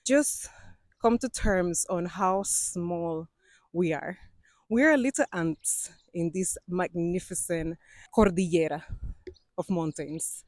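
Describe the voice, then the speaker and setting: Breathy Cuban woman vlogging on a trail. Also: on the low side, slow, a little mellow, no room sound. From Cuba. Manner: chatty, laughs often, non-native phrasing. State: out of breath from climbing. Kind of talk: casual walking vlog. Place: mountain trail outdoors.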